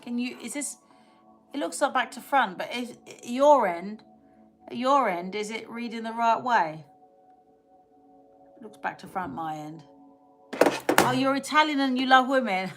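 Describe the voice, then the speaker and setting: A woman's voice: a little high, lively intonation, measured pace, long pauses, fairly bright tone, faint music behind. A woman hosting a casual live stream, chatting with viewers, laughing often and reading out their comments. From England.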